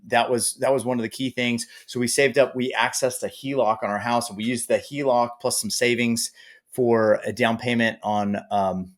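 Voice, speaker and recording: A man in his thirties, a podcast guest telling his story with lively, acted-out asides. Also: mid-range voice. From Boise, Idaho area. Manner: animated storyteller, acts out his own past thoughts. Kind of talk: podcast interview.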